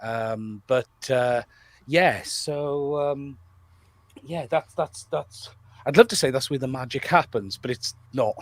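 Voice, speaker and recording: A man guesting on a podcast, talking in a rambling, self-deprecating way, his voice rough from a cold, over a video call. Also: medium pitch, slow pace, no room sound. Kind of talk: casual podcast chat.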